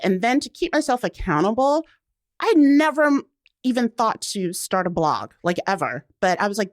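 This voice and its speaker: A woman's voice: on the high side, moderate pace, no room sound, studio quality. A woman in her forties, a guest in an interview, telling her story expressively and acting out the lines she quotes. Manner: expressive storyteller, acts out quotes, laughs often. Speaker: guest, writer. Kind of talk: casual interview.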